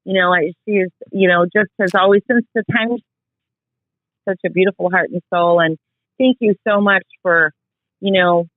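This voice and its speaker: A woman's voice: fairly low pitch, fairly even intonation, normal speed, no room sound. A woman calling in by phone to a podcast, effusive and gushing with praise. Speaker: caller, guest's mother. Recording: dull phone line.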